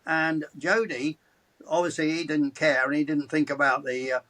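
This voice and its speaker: A man's voice: on the high side, fairly even intonation, normal speed, pushed and bright, poor audio. A man in his seventies, a motorsport commentator chatting as a podcast guest, telling anecdotes with chuckles and frequent restarts. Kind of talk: anecdotal storytelling in conversation.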